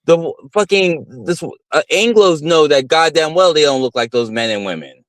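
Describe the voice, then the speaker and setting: A male co-host talks loosely and curses freely in casual podcast chat. His voice sits a bit above the usual male pitch, and the sound is dry and close. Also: lively intonation, moderate pace, dry recording. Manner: loose, profane storytelling.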